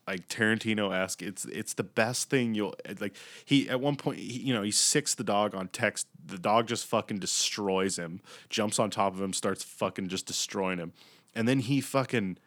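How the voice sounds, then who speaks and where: A young man casually retelling a movie plot in a rambling, profane, animated way, acting out the characters' lines. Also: on the low side, normal speed, no echo.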